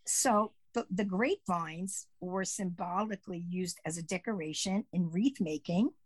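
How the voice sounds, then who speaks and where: Lower-voiced woman co-hosting a casual podcast. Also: dry recording. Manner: relaxed, explains at length with fillers. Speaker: podcast co-host. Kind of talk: casual chat about pagan traditions.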